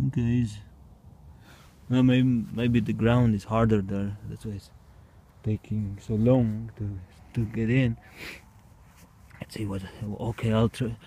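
A man's voice: medium pitch, steady tone, measured pace, pauses often, dark tone, breathy edge. A man talking casually outdoors at night as he runs a small experiment, hesitant and wondering, with bursts of animal imitations. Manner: hesitant, wondering, with bursts of mooing, barking and meowing. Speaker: vlogger.

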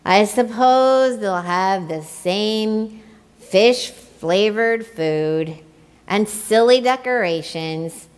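A woman's voice: medium pitch, extremely slow, smooth, in a large hall. A woman voicing a grumpy, bored male penguin emperor who grumbles wearily through his complaints. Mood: grumbling. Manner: grumbling, weary.

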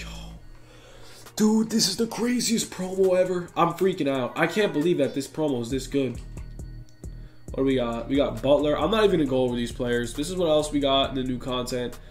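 Hyped young man with echoey sound. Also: medium pitch. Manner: excitable, slangy, talks to viewers. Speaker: gaming YouTuber. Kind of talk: hyped game commentary. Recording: echoey room with faint music.

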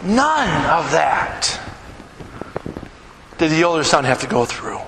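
A man preaching a live sermon as pastor, telling stories emphatically and dropping to hushed, earnest tones. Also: on the high side, very animated, slow, creaky. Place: church sanctuary. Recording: echoey church hall, noisy live recording.

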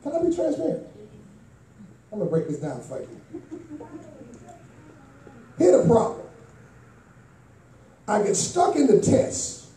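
Male preacher, very high voice, dark mellow tone, impassioned sermon, echoey church hall, distant mic. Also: wildly swooping pitch, slow, pauses often, a little hiss or hum. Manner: impassioned, rising to shouts, call and response. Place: church sanctuary.

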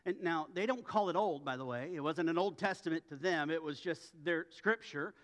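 A man's voice: on the high side, moderate pace, a bit bright. A man preaching a sermon as a pastor, in a conversational way with joking asides. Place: church sanctuary. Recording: long church reverb.

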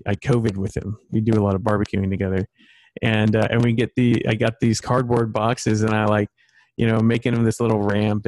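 A man's voice: lowish voice, darkish tone, no echo. Rambling man on a video call. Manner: rambling, many fillers and restarts. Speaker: podcast host. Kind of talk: casual video call chat.

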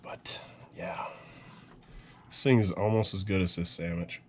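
A man's voice: deep voice, steady tone, measured pace, slight background noise. A man hosting a truck build video, chatting casually and joking with viewers as he works. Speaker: mechanic and video host.

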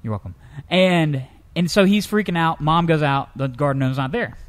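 A man co-hosting a comedic news-story show, telling tales in a lively, animated way. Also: normal speed. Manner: lively storyteller, jumps into high pitch for characters. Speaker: co-host.

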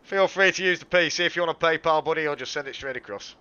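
Man, car-dealer role-play; bright, forceful salesman patter, mate-and-buddy talk. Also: on the high side, fast, clean tone, muffled recording. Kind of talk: in-character role-play over game voice chat.

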